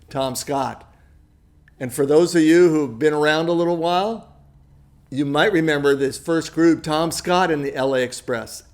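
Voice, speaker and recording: A man's voice: fairly high pitch, vocal fry. A man hosting a fundraiser video, reading an upbeat scripted appeal for donations. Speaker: fundraiser host.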